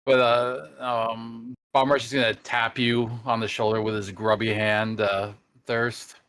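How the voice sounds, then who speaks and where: A man playing in a tabletop game, making drawn-out joking remarks. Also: medium pitch, little pitch movement, fairly bright tone, smooth. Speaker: player. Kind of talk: casual game chat.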